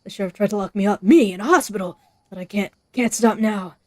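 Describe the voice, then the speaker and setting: A woman voicing a vengeful man crazed by ember, reading his lines loudly and agitatedly. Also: medium pitch, a little fast, dry recording, natural voice. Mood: desperate. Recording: faint background noise.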